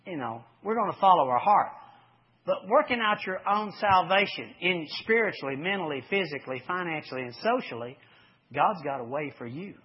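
A man preaching a folksy sermon, swinging from loud to hushed as he tells sports stories. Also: high voice, animated, normal speed, breathy edge. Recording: dull lo-fi recording.

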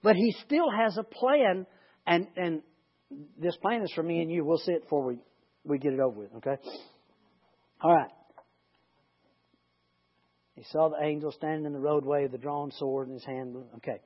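A man's voice: fairly high pitch, brisk, slightly rough. A man leading a Bible study, reading scripture and breaking off into rambling, joking asides. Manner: chatty, rambling, self-interrupting. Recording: lo-fi recording.

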